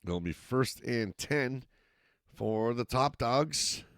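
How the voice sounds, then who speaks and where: A man's voice: medium pitch, slow, clean tone, dry recording, clean studio sound. A man from Massachusetts with a slight local accent, calling play-by-play for a youth football game. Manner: steady play-by-play, rising excitement on scoring plays. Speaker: play-by-play announcer.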